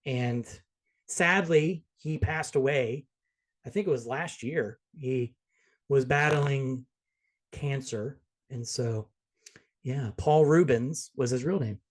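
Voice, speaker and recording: A man hosting a casual movie review podcast, joking and talking in quick bursts with restarts. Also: medium pitch. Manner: jokey, quick, restarts often. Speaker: podcast host.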